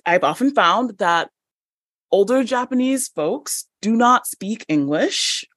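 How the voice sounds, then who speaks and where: A woman guest on a podcast, telling a story in an animated, chatty way with many fillers and laughs. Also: medium pitch, slow, no room sound, clean studio sound. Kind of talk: conversational storytelling.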